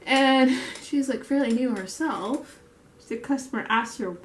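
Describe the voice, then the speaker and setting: A woman's voice: fairly high pitch, measured pace, roomy sound. A woman telling rambling work stories while doing her makeup, full of restarts and fillers. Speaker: vlogger; bakery store worker. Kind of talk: get-ready-with-me chat while doing makeup.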